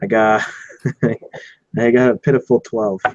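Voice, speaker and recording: A man playing a tabletop game, talking casually and quickly with his group. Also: fairly low pitch, steady tone, lo-fi sound. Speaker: player.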